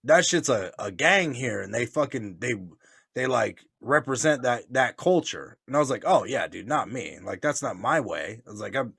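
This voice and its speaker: A man's voice: mid-range voice, expressive, normal speed, gravelly, a bit bright, breathy edge, no echo. Profane storytelling man, dry sound. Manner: profane, laughing, acts out voices in stories. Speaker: podcast co-host. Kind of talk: casual storytelling chat.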